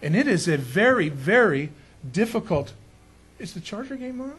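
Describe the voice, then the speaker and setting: A man's voice: high-pitched, big pitch swings, normal speed, very noisy. A man preaching a conversational sermon as pastor, joking and emphatic, often putting questions to his listeners.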